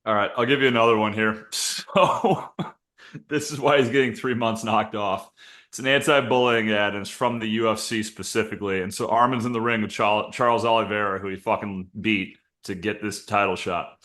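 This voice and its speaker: A man's voice: fairly low pitch, normal speed. A man co-hosting a comedy sports podcast, laying out absurd sketch ideas with crude humor. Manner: deadpan setups for absurd sketch bits, crude and joking. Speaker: podcast co-host. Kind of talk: casual comedic chat.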